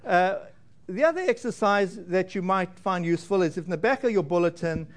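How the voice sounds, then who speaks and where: High-voiced pastor, gentle and halting. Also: male voice, lively intonation. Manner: gentle, halting, many restarts and fillers. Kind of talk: sermon. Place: church.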